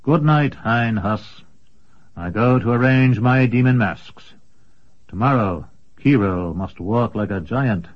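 A man's voice: medium pitch, slow pace. A man voicing a haughty older male sorcerer who gives orders in a curt, raised voice. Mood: commanding. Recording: dull lo-fi recording.

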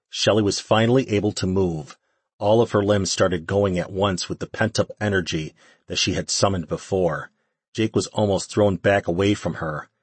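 Deep husky guy reading an audiobook, steady, dry close mic. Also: dry recording. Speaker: audiobook narrator. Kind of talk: scripted narration.

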